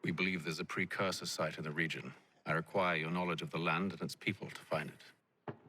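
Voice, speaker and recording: An actor playing a cool, commanding leader in a video game, curt and controlled. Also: male voice, deep voice, fairly even intonation, brisk, bright, forceful tone, slight background noise.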